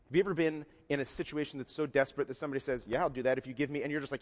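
A man's voice: a little high, fast talker. A man preaching a sermon, talking conversationally and acting out quoted lines in different voices. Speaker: pastor. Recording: long hall reverb.

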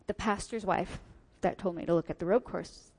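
A woman's voice: on the low side, normal speed, a little mellow. A woman telling a personal story to an audience, vividly acting out what people said to her. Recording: long hall reverb.

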